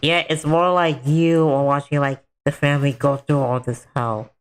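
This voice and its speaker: A man's voice: fairly high pitch, fairly even intonation, normal speed. A man streaming a game, chatting casually in a rambling way full of filler words. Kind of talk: casual chat while gaming.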